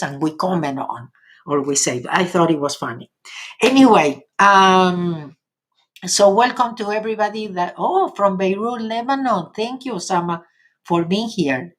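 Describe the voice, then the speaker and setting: A woman with an Argentinian accent, a native Spanish speaker in middle age, speaks in a fairly low voice. She addresses her live-stream audience as a spiritual teacher. Her delivery is chatty and loose, and she keeps checking in with a quick "yes?". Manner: chatty, frequent "yes?" tag questions.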